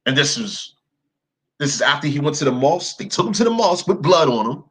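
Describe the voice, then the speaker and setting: A young man with a slightly high, husky voice delivers a casual monologue full of swearing. He tells a story in an emphatic way, often checking in with "right?" and tossing in "yo". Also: big pitch swings, a little fast, poor audio. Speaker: commentator.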